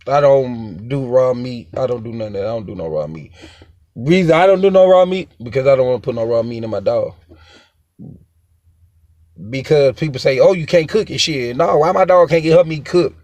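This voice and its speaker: A man's voice: medium pitch, expressive, moderate pace, a little mellow, no room sound. A young man, giving a rambling, repetitive and emphatic casual monologue as a dog owner, swearing now and then. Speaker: dog owner sharing opinions.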